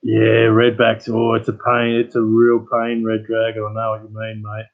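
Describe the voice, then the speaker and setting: A man's voice: fairly low pitch, monotone, normal speed, narrow, tinny audio. An Australian man hosting his channel, chatting casually with live viewers as a rambling, laid-back storyteller. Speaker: channel host.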